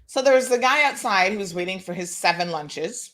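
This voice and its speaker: A woman hosting a talk show, telling a lively story and acting out the people in it. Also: medium pitch, a little fast. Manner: animated, acts out quoted dialogue, laughs. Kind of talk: casual monologue, storytelling.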